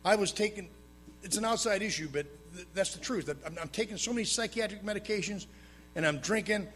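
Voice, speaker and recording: A man telling his own recovery story to a live audience at a meeting, plain-spoken with dry humor, swinging between loud emphatic bursts and low hushed asides. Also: brisk, slight background noise.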